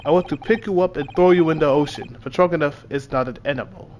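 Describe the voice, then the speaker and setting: A man voicing a gruff, suspicious male Russian senior crewman who speaks slow, broken English in a lowered voice. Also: darkish tone, muffled recording, slight background noise, close to an everyday voice.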